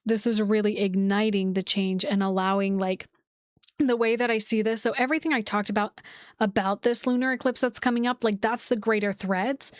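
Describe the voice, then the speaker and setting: A woman's voice: medium pitch, no echo, clean studio sound. A woman astrologer hosting a casual livestream, talking loosely with many "like"s and restarts. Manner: rambling, full of "like" and restarts. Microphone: streaming setup, seated in a chair.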